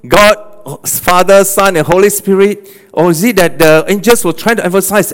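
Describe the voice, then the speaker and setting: A male pastor preaching a sermon, animated, often checking in with "okay" and "all right?". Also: sits high, moderate pace. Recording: long hall reverb.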